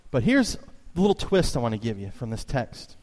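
A man preaches to his congregation, telling stories and driving his points home with sudden high bursts of emphasis. His voice carries a long reverb, as if recorded in a church hall. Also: a little fast. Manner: animated storytelling preacher, voice jumps high for emphasis. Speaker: pastor. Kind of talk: sermon.

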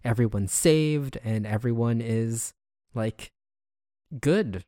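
A man's voice: mid-range voice, slow, warm tone, no echo, studio quality. A man co-hosting a podcast, retelling a TV episode in a rambling, casual way full of fillers. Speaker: podcast co-host.

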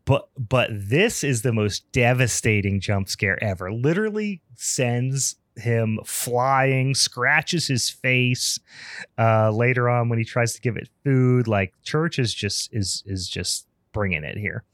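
A man's voice: mid-range voice, animated, slow pace, fairly bright tone, dry recording, clean studio sound. A man co-hosting a podcast, recapping a film in casual, rambling talk full of fillers and swearing. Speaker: podcast co-host.

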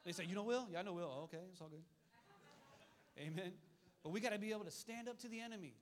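Fast and high-voiced, this pastor delivers a fiery sermon. He keeps repeating his points and calling out to the congregation, using call-and-response asides.

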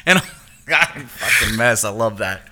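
A man's voice: on the low side, moderate pace, sharp tone. A man co-hosting a casual comic podcast, rambling and swearing freely. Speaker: podcast co-host. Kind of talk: casual chat.

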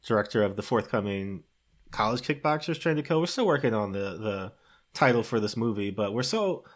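A man's voice: on the low side, animated, fairly quick. A man playing an upbeat, awkward film director running an audition, talking with many hesitations. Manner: chipper, hesitant, filler-heavy. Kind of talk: comedy sketch.

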